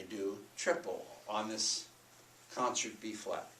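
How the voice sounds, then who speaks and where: A man's voice: lowish voice, fairly even intonation, measured pace, a bit bright, a little hiss or hum. Older man lecturing, singing demo syllables. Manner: breaks into solfège and chanted rhythm syllables to demonstrate. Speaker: music education lecturer. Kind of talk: lecture with sung and chanted examples. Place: college lecture hall. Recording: roomy hall recording from far off.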